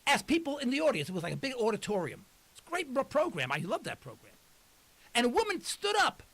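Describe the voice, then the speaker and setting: Older male talk radio host in his sixties, high and bright voice, impassioned and rambling. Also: wildly swooping pitch, fast talker, creaky. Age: 60s. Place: radio studio.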